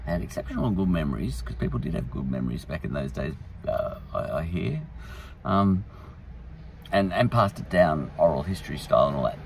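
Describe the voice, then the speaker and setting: A man's voice: extremely low pitch, expressive, fairly quick, gravelly, darkish tone, far from the mic, a little hiss or hum, rough recording. A man hosting a podcast, rambling through a casual, irreverent monologue. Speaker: podcast host.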